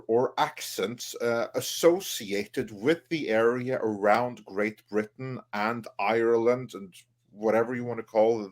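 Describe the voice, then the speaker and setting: A man moderating a podcast panel in casual chat, hesitant and full of fillers. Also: mid-range voice. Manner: hesitant, many fillers, puts questions to the panel.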